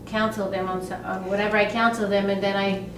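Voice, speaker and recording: A woman's voice: medium pitch, little pitch movement, fast. A woman acting student answering her coach in class, hesitant and thinking aloud. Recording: echoey room, distant mic, background noise.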